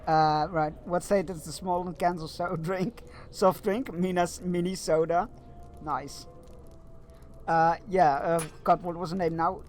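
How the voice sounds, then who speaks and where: A man streams a video game and chats casually to his viewers. He rambles and uses lots of fillers, in a fairly high voice. A faint noise sits behind him. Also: steady tone, measured pace. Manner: rambling and chatty, with many fillers. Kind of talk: casual chat while gaming.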